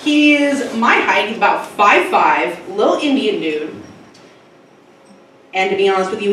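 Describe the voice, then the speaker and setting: A woman's voice: medium pitch, lively intonation, a bit bright. Young woman, stand-up comedian, chatty and self-mocking, echoey comedy club, distant mic, faint room noise. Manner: chatty, rambling, self-mocking, quick asides.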